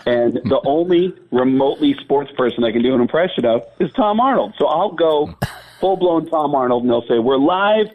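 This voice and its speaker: Animated male comic telling stories. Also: mid-range voice, fairly quick, narrow, tinny audio. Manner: animated, laughing storyteller. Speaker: stand-up comedian guest. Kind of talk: storytelling with impressions.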